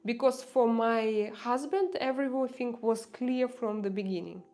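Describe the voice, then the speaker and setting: Halting Russian-accented woman streamer. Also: a little high, mellow. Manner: halting, searches for words, frequent restarts. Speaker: livestream host. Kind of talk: casual livestream chat with viewers.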